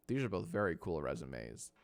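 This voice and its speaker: His voice is low and gravelly. He's a man in his thirties streaming casually from the editing room at home, kidding around with chat, running polls, and cooing at his dog in soft baby talk.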